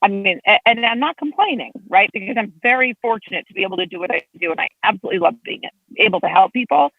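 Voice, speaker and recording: Quick and husky, a woman state legislator chats as a guest, telling stories with big, animated swings in pitch. She comes through a tinny, phone-like line without echo.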